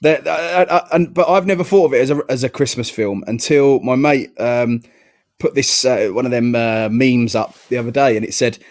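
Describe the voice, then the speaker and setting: A man's voice: medium pitch, moderate pace, a little mellow. A man co-hosting a casual chat, telling jokey stories with mock outrage. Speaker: podcast co-host.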